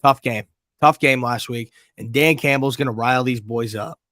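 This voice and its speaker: A man co-hosting a casual sports podcast, joking loudly and swearing, with a hoarse voice. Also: mid-range voice, moderate pace, no echo, clean studio sound. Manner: loud, joking, swears freely. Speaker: podcast co-host.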